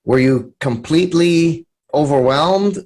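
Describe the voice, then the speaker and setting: A man's voice: on the high side, measured pace, a little mellow. A man hosting an apologetics interview show, asking earnest, probing questions of a young guest. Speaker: podcast host.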